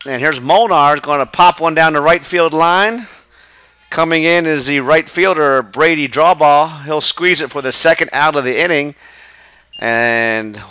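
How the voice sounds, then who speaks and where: A man calling a high school baseball game play by play from the press box, brisk and chatty. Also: pushed and bright, smooth. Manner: brisk, chatty, laughs with partner. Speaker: play-by-play announcer. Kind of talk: live baseball play-by-play commentary.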